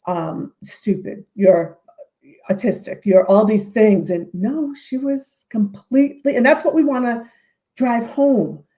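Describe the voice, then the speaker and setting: A woman's voice: medium pitch, mellow. A woman hosting a podcast, talking in an earnest, emphatic conversational way. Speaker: podcast host.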